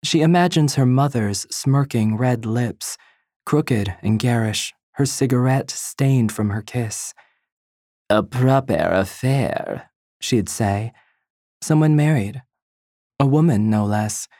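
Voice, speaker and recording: A narrator reading literary fiction in a slow, measured storytelling voice. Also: medium pitch, warm tone, no echo, studio quality. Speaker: audiobook narrator.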